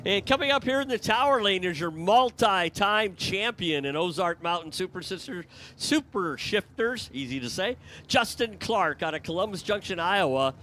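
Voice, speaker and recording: A man who owns the track calls drag races as announcer, joking with his partner and rising to a shout at the finishes. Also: high voice, expressive, normal speed, a little hiss or hum. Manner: upbeat, jokey, rises to a shout at finishes. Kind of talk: drag racing commentary.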